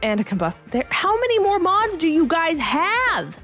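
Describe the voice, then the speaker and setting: A young woman giving bubbly, animated gameplay commentary as a video creator, laughing often. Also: extremely high pitch, moderate pace, soft background music.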